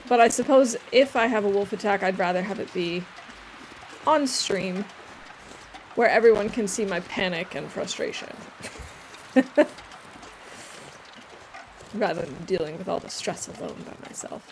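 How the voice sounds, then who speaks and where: A woman's voice: medium pitch, a little slow, pauses often, slight background noise. A woman streamer giving casual let's-play commentary while she plays, chatty and rambling with a self-amused tone.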